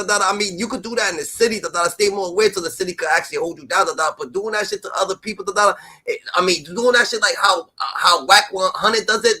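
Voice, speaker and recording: A man's voice: high-pitched, bright, forceful tone. A man hosting a livestream, rambling through street commentary with "da, da, da" fillers. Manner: rambling, fills with "da, da, da". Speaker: livestream host.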